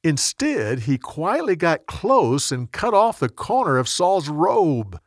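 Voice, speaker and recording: Guy reading bible stories, slow, bit high, very lively. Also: no echo, studio quality. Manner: slow, expressive storytelling. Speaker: storyteller. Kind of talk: scripted Bible story narration.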